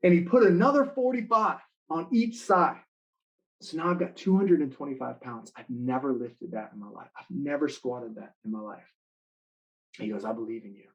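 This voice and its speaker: A man giving a motivational talk to students in an online live session, telling stories with lively acted-out quotes. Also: on the high side, normal speed, lo-fi sound. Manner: animated storytelling, acting out quoted lines. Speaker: motivational speaker.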